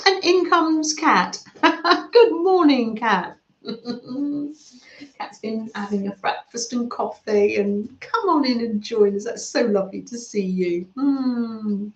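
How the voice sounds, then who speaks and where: A woman gently chatting with her livestream viewers and reading their comments aloud, with soft murmurs and coos. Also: a little high, slow. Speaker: craft livestream host. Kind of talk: casual chat reading live comments. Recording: slightly dull sound in an echoey room.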